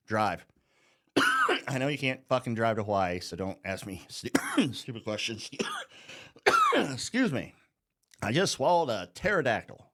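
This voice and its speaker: A man's voice: fairly low pitch, fairly bright tone. Middle-aged american guy ranting, cussing nonstop, voice swings all over the place. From United States. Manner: heated, swearing constantly, mocking. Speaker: vlogger. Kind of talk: profane political rant.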